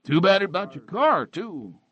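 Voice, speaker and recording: A man's voice: big pitch swings, a little slow, breathy edge, dull audio, full character voice. A man voicing a chatty small-town male bartender with a folksy, gossipy manner. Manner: folksy, gossipy, raised pitch.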